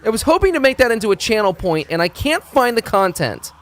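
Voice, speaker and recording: High lively-voiced man streaming. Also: a little fast. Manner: rambling, profane, stammers and restarts. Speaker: game streamer. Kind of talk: casual live-stream chat.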